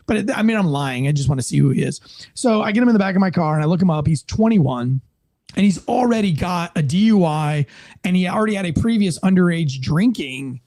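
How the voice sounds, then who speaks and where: A police officer telling a story in casual chat, animated and swearing, acting out the voices of the people in it. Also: male voice, fairly high pitch, dry recording. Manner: animated, acts out quoted voices; swears casually, many fillers.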